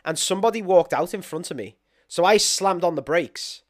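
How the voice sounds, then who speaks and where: A man's voice: high voice, moderate pace. Sweary British man telling stories. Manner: swears freely, laughs often, acts out his own thoughts. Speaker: podcast co-host. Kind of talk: casual chat.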